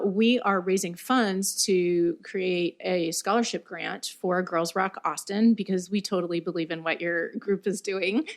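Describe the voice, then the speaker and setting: A woman hosts a podcast interview and asks her questions in a measured, deliberate way. Her voice is low and gravelly, with a lot of fry. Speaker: podcast host. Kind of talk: hosted interview.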